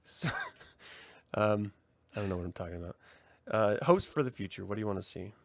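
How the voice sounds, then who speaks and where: A man co-hosting a casual review podcast, talking in an animated way, swearing and mocking in impressions. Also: on the low side, brisk, gravelly, no echo. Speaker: podcast co-host.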